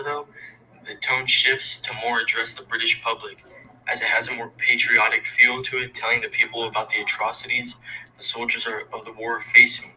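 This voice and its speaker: A young man, a student, reading a class presentation aloud from a script in an even, steady way. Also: mid-range voice. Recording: distant mic with faint background noise.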